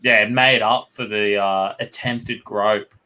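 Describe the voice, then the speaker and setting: Australian man, crude, profane, bright forceful voice. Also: on the low side, steady tone, slow. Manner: crude, swears constantly, tells rowdy anecdotes. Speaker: co-host. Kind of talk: casual chat.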